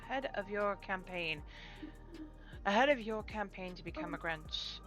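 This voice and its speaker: A woman voicing an earnest, dutiful young female game character in fan voice-acting, speaking softly and sincerely. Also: mid-range voice, lively intonation, moderate pace, faint music behind, natural voice.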